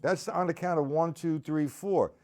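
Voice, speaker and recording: A drum teacher runs a casual live-streamed lesson, chatting with viewers and reading their comments aloud between exercises, with drums played in between. His voice is a little high and darkish, at a moderate pace, with faint music behind it.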